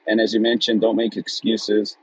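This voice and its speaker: A man calling into a live audio room, grateful and halting with many restarts. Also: fairly low pitch, monotone, husky, dry recording. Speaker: caller. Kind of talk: casual chat. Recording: dull phone-like audio room call.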